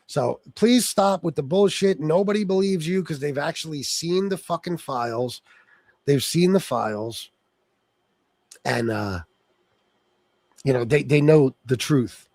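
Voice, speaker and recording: A man's voice: fairly high pitch, animated, measured pace, darkish tone, no room sound. A man hosting a political livestream, reading chat and ranting angrily with lots of swearing. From Sicilian heritage. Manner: angry, profane ranting at viewers.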